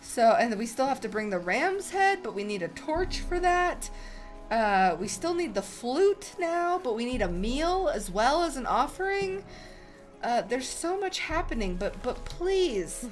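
A woman gaming YouTuber giving excitable let's play commentary, thinking aloud and gasping at surprises. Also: high-pitched, unhurried, soft background music.

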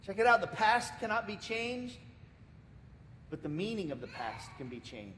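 An American man preaching a sermon as pastor, telling a story with lots of repeated words and restarts. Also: moderate pace. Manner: lively storytelling, acting out the people in it. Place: church sanctuary. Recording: reverberant church hall, faint rumble.

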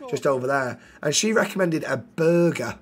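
A man's voice: fairly high pitch, lively intonation, moderate pace, slightly rough. A man role-playing a friendly, curious customer in a game, with a British accent and a habit of calling people love and mate.

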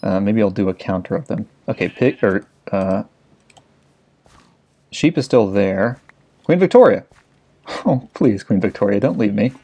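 A man's voice: lowish voice, moderate pace, mellow, dull audio. A young man giving frantic, swear-filled commentary while playing a video game. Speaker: let's play gamer. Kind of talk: casual gameplay commentary.

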